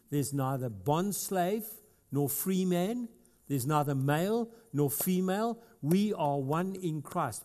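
A man's voice: a little high, darkish tone. A man with a South African accent preaching a sermon as pastor, talking conversationally and building to emphatic passages. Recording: long hall reverb.

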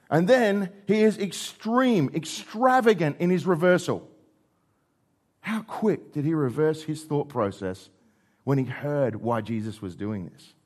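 A middle-aged man preaching a sermon, acting out dialogue with rises and drops in pitch and volume. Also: breathy edge. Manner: animated, acts out dialogue with shifting pitch and volume.

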